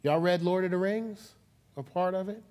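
A man preaching a sermon in a lively, conversational way with dramatic emphasis. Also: sits high, moderate pace. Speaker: pastor. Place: church sanctuary.

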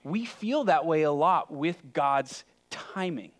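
A man preaching a sermon in a conversational, emphatic way, often dropping suddenly to a quiet voice. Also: on the high side, lively intonation, takes it slowly. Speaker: pastor.

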